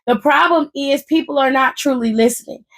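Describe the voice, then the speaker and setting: Woman, high voice, casual recap host, animated, cussing, sassy asides. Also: moderate pace.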